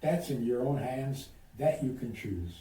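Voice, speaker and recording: A man's voice: medium pitch, a little slow. A man, a rabbi, giving advice in an interview and acting out quoted dialogue as he tells stories. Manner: animated storyteller, acts out quoted dialogue. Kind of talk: conversational storytelling. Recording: roomy sound, distant from the mic.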